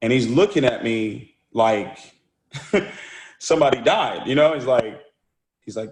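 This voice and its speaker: A man's voice: medium pitch, expressive, unhurried, pauses often. A man giving a motivational talk and telling a story, speaking energetically and often repeating words as he restarts phrases. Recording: roomy echo.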